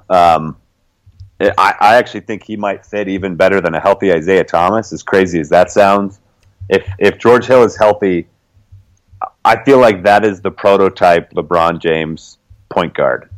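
Young guy cohosting a podcast, lowish voice, dry close mic, laid back with lots of ums. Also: moderate pace, no echo, low-quality recording. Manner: relaxed, laughs often, hesitant fillers. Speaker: podcast co-host. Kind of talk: casual podcast chat.

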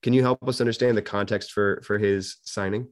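A man's voice: on the low side, fairly even intonation, brisk. A man hosting a casual interview, rambling with lots of fillers and little jokes. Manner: rambling, full of fillers, jokey. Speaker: podcast host.

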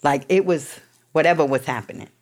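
A woman's voice: low-pitched, lively intonation, fairly quick, a little mellow. A woman from New York telling her recovery story to an audience in a blunt, profane, emotional way. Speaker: recovery speaker. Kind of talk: candid personal recovery story.

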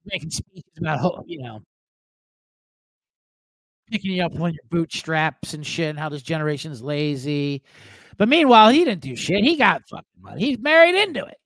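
A man's voice: fairly high pitch, normal speed, no room sound, poor audio. A man hosting a sports betting show, ranting comically with lots of swearing and mimicking relatives. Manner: profane, animated, mimics family members. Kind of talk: comedic live-stream rant.

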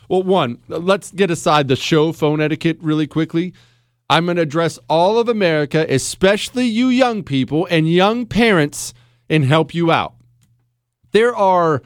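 A man hosts a radio show with a blunt, lecturing delivery and a lively, swooping pitch. His voice is fairly high for a man. The studio mic sound is dry and close. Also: no room sound. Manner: blunt, lecturing, acts out other people's voices. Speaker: radio talk show host. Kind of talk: opinionated talk radio monologue.

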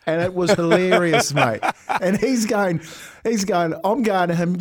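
A man with a New Zealand accent speaks in a high voice at a measured pace. He co-hosts a breakfast radio show from the studio, telling stories in a casual chat and laughing animatedly as he goes.

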